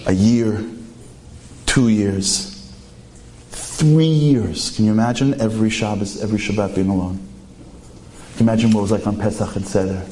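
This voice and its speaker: A man telling a story in a sermon, animated and full of rhetorical questions. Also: fairly low pitch, moderate pace, long pauses, slight background noise.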